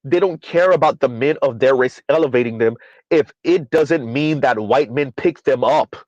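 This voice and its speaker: A man's voice: mid-range voice, normal speed, a little mellow, no echo, highs cut off. A man hosting a live-streamed commentary show, talking emphatically to viewers and reading their comments, often repeating lines for effect. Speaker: livestream commentary host.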